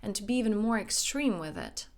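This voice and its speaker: A woman's voice: mid-range voice, huge pitch swings, a little fast. A young adult woman, a life coach, giving an emphatic motivational self-help talk, acting out her own inner dialogue.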